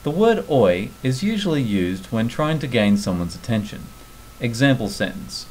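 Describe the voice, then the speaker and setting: A man's voice: mid-range voice, sing-song, normal speed, a little mellow, poor audio. A man with an Australian accent narrating an explanatory video in a friendly, enthusiastic, instructive manner. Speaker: vlogger.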